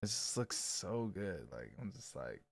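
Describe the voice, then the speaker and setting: Male co-host, expressive pitch, dry close sound, rambling opinionated chat. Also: a little slow, vocal fry, no room sound. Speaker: co-host reacting to a dating show clip. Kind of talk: casual chat.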